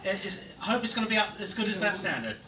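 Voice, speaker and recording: A man with a high, light voice runs a wedding reception, chatty and quick to laugh. He is picked up by a distant phone in an echoey hall. A loud crowd of guests fills the background. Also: big pitch swings. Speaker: master of ceremonies at a wedding. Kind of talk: wedding announcements. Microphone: mobile phone far from the speaker.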